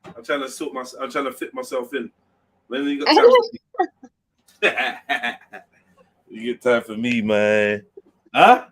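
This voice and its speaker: A man's voice: mid-range voice, big pitch swings, a little slow, long pauses, a bit bright. A man hosting a casual livestream chat. He talks in loose, teasing street slang. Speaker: livestream host.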